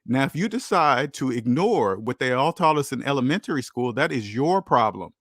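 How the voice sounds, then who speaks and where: A man's voice: mid-range voice, animated, moderate pace, a bit bright, no echo, clean studio sound. A man hosting a finance channel, talking casually and preachily about money and debt, acting out the voices of people he quotes.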